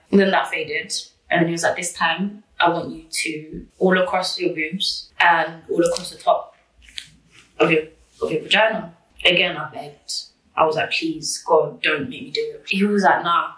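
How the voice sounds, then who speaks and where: A young woman telling her own story to camera, fast and full of "like", acting out what others said. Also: fairly low pitch, pushed and bright. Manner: rapid, heavy use of "like", quotes others in dialogue. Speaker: tattoo documentary subject. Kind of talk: personal testimony to camera. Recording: roomy, slightly distant mic.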